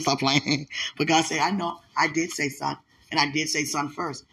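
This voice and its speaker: Young woman, husky and gravelly, speaking tenderly to her partner with lively religious storytelling. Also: low voice, normal speed. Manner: affectionate, laughing, religious, animated storytelling. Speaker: fiancée talking to her partner. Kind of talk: casual emotional chat.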